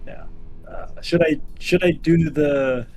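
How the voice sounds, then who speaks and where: Higher-voiced man playing a tabletop game. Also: slow, music in the background, rough recording. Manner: asking rules questions. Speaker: player.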